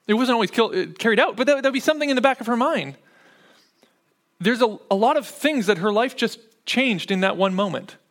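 This pastor's voice is high-pitched and a bit bright. He preaches in a conversational manner, regularly pausing to check in with listeners by asking "right?"

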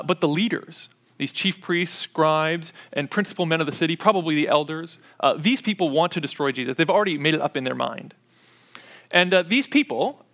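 Higher-voiced man preaching conversationally. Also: a bit bright. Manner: conversational, explaining step by step with frequent pauses and fillers. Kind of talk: expository sermon teaching.

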